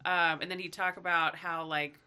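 A woman's voice: lowish voice, flat delivery, moderate pace, sharp tone, smooth. A woman guest on a podcast, chatting casually, joking and laughing often. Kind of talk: casual chat.

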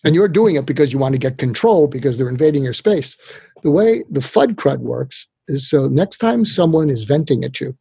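An older man, a guest expert, giving communication advice in a lively conversational way, acting out quotes as he goes. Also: medium pitch, creaky, slightly rough, no echo. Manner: animated, tells tips with acted-out quotes. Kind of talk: conversational interview.

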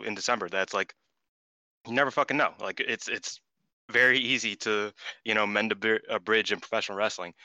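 A man on a casual podcast, talking in an excitable, restless way and swearing freely. His voice is very bright and forward, recorded dry and close with no room sound. He trips over his words and restarts often. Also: on the low side, no echo. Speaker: podcast co-host. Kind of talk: casual chat.

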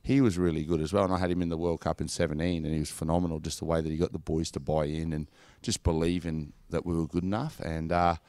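A deep-voiced Australian man in his thirties chats easily about his playing days, his talk full of "like" and "mate". The sound is dry and close, with no room around it. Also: fairly even intonation, fast, hardly any pauses, a little mellow, no room sound. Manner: laid-back storytelling, lots of "like" and "mate". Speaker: former professional footballer guest. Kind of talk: casual podcast chat.

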